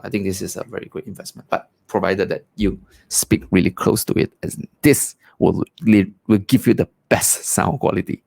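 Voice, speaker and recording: Man, low voice, gravelly, casual tech demo, chatty, desk USB mic at home. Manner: chatty, many fillers and repeated "right?". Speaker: tech reviewer. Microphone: desk USB condenser mic.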